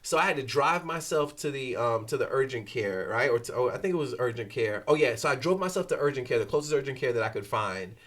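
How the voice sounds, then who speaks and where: A man with a Haitian family background, chatting casually as a guest and telling stories with lively acted-out dialogue. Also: fast, hardly any pauses. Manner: animated storyteller, acts out exchanges with lively shifts in pitch. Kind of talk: casual chat.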